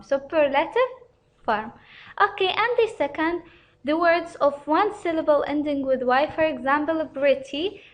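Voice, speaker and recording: Slow, high-voiced woman teaching grammar. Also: a bit bright. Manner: careful, repetitive, pauses often with uh. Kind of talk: slow explanatory lesson.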